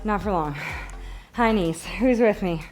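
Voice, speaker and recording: Female fitness instructor, mid-pitch, energetic cueing between breaths, light music bed. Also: measured pace. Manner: upbeat, encouraging, counting reps. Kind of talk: live workout coaching.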